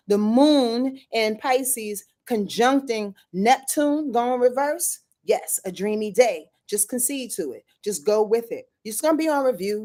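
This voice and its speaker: A woman's voice: on the high side, darkish tone. A woman astrologer talks through her weekly forecast in a casual, slangy way. She speaks right to her viewers, throws in swear words and laughs here and there.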